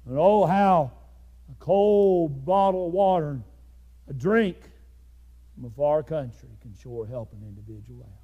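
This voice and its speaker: A man preaching a fiery sermon, swinging between loud shouted climaxes and hushed low passages. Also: unhurried, highs cut off.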